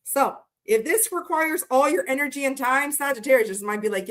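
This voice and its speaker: Middle-aged woman, tarot streamer, slightly high voice, chatty and blunt. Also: brisk. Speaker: tarot reader. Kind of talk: casual live-stream tarot reading.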